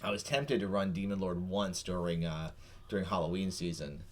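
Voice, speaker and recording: Male host, middle-aged, low voice, chatty and patient, restarts his sentences a lot. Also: moderate pace. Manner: rambling, self-correcting, explains patiently. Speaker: podcast host. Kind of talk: casual chat.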